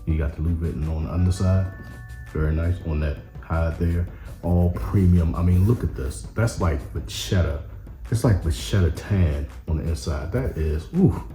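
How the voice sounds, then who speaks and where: A man casually reviewing sneakers on camera, relaxed and rambling with many fillers. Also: low-pitched, normal speed, echoey room, soft background music. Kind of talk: casual product review vlog. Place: indoor room with camera. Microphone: camera mic.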